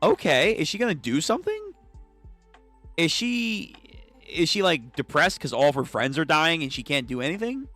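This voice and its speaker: Excitable young man reacting to manga. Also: on the high side, normal speed, dry recording, soft background music. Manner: excitable, swears, stumbles over names. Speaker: channel host reading manga aloud. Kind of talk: casual read-through with live reactions.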